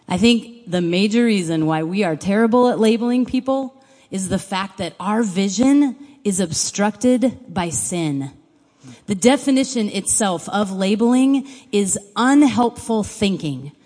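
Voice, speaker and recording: A woman's voice: medium pitch, animated, a little slow, darkish tone. A woman giving a sermon, speaking in an earnest, conversational way and reading scripture aloud. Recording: long hall reverb.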